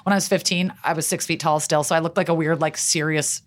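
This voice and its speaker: A woman co-hosting a casual chat, teasing her co-host with quick deadpan jokes. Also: low voice. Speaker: podcast co-host.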